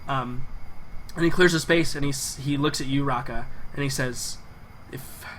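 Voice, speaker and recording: A man's voice: mid-range voice, moderate pace, background noise. A man narrating a tabletop game as game master, rambling with many fillers.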